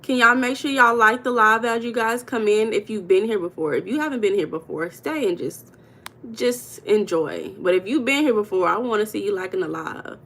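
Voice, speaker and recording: A woman's voice: mid-range voice, moderate pace, fairly bright tone. A woman from the United States hosting a casual livestream, greeting viewers by name and talking about money mindset in a chatty, playful way.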